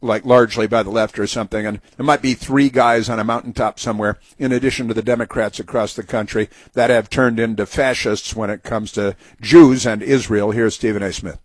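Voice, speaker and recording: A man's voice: fairly low pitch, steady tone, brisk, few pauses, dry recording. A man hosting a talk radio show, delivering sarcastic, mocking commentary that rambles with many fillers and restarts.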